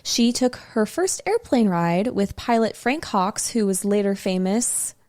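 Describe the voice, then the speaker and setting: A woman's voice: medium pitch, expressive, unhurried, darkish tone. Woman podcast host, chatty, storytelling, prone to tangents, mid-range voice. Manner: chatty, giggly, drifts into side remarks. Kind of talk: casual storytelling chat.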